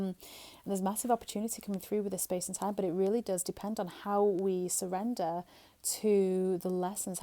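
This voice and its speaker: A woman talks through a spiritual card reading in an easy, flowing way, often checking in with "right?". Her voice is mellow and soft-edged, and her pitch stays quite even throughout. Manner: flowing, soothing, frequent "um" and "right?".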